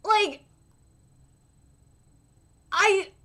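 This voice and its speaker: A woman streaming a live anime reaction, excitable and swearing freely, moving between muttered comments and shrieking outbursts. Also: very high voice, drawn-out words.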